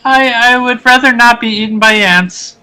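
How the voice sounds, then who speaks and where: A man voicing a frightened young male kobold who speaks in a timid, halting way. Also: extremely high pitch, pushed and bright, smooth, pitched above the performer's own voice, full character voice, low-quality recording. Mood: pleading.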